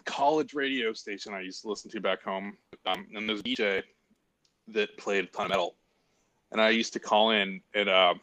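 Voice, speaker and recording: A man's voice: fairly low pitch, steady tone, a little fast, bright, forceful tone, no echo, rough recording. Chatty man telling a story. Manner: chatty, laughs through his stories. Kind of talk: casual storytelling chat.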